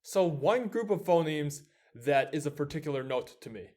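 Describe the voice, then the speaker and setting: A man's voice: on the high side, animated, normal speed, a little mellow. Upbeat young American man hosting. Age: young adult. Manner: upbeat, lecturing. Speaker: host. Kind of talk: lively explanatory video talk.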